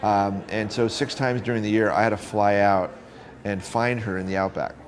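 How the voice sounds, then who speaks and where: A man's voice: lowish voice, normal speed. A middle-aged man, a photographer, telling stories from his career in an interview and acting out the voices of the people he met. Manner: animated storyteller acting out quoted voices. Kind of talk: storytelling interview.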